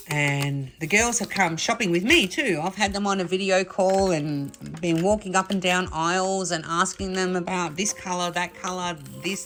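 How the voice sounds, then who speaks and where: A middle-aged woman hosting a craft vlog, telling a funny story to camera in a chatty, laughing way. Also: lowish voice. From Australia. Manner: chatty, laughing, animated retelling. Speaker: craft channel host.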